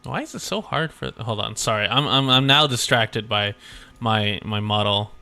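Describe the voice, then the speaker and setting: A man's voice: lowish voice, normal speed, vocal fry, sharp tone, clear, resonant tone. A young man streaming as a VTuber, chatting casually and rambling while he keeps interrupting himself. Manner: rambling, self-interrupting, easily distracted. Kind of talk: casual livestream chat while reading a game story.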